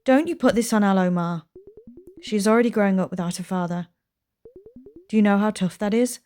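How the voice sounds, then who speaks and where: A woman's voice: medium pitch, brisk, warm tone, soft background music, close to an everyday voice. A woman reading as a strained young mother.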